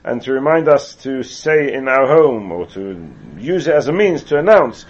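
Speaking at a normal speed with lively intonation and a medium pitch, an Englishman reads Hebrew text and explains it in English, digressing now and then. It's a Talmudic lecture captured on a muffled, lo-fi recording.

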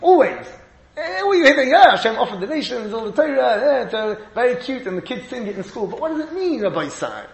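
Animated, high-voiced man teaching a Torah lecture. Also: brisk, creaky, roomy sound, rough recording. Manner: animated, emphatic, laughs often, Hebrew and Yiddish terms. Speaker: rabbi giving a shiur.

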